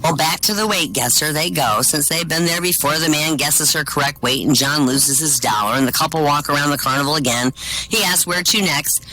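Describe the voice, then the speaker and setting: A man's voice: a little high, a little fast, sharp tone, a little hiss or hum, rough recording. A man telling stand-up jokes at an open-mic show over online voice chat, chuckling at his own punchlines.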